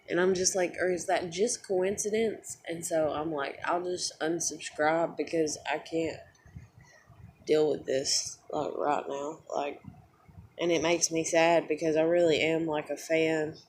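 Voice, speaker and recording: A woman's voice: low-pitched, a little hiss or hum. A young woman who just woke up, tired and close to tears, rambling in an upset, swearing vlog rant full of fillers. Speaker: vlogger.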